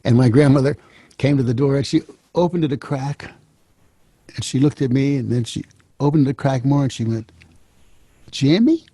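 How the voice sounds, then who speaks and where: A man's voice: mid-range voice, steady tone, brisk, mellow, no room sound. Rambling man in his seventies. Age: 70s. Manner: loose, repeats and restarts phrases. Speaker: host. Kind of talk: rambling storytelling.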